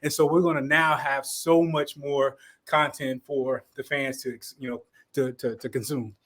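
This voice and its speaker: A man's voice: mid-range voice, steady tone, moderate pace, a bit bright. A man from Chicago co-hosting a casual live stream, laid-back and slangy, often repeating himself. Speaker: co-host, league commissioner.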